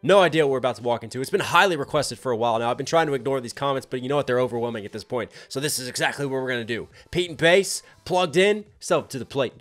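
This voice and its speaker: A man hosting a reaction video, his voice mid-pitched and easygoing. He chats casually and reacts with excitement and laughter. Faint music plays underneath. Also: rapid-fire, hardly any pauses. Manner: excitable, laughing, talks back to the track.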